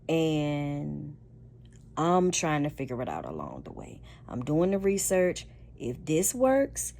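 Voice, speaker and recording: Low-voiced woman giving emphatic advice. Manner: loud, emphatic, preachy. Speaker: relationship advice vlogger. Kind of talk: casual advice monologue.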